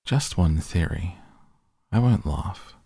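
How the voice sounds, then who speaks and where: A man voicing a shy, curious teenage girl in a slow, hesitant, wondering way. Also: sits low, animated, warm tone, slightly rough, dry recording, clean studio sound, full character voice.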